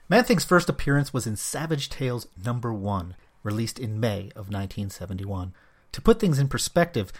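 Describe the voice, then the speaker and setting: A man hosting a solo comics podcast, talking with a wry, self-mocking humor. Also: mid-range voice. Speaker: podcast host.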